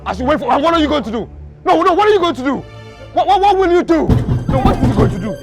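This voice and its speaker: A young Nigerian actor playing an indignant fiancé who mocks and repeats himself. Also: male voice, very high-pitched, wildly swooping pitch, music in the background, exaggerated voice. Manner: repetitive, sarcastic, fast.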